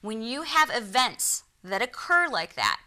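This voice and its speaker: With big pitch swings and an unhurried delivery, a woman's high, pushed and bright voice carries her earnest TV interview stories. She's a psychic medium with a Michigan accent who acts out the voices she quotes while recounting her experiences.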